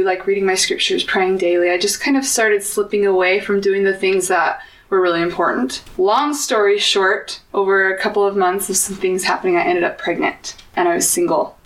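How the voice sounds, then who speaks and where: A woman's voice: mid-range voice, steady tone, moderate pace, distant mic. A young woman, an interview guest, telling a personal story in an earnest, open way. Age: young adult. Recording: echoey room, voice a bit off-mic.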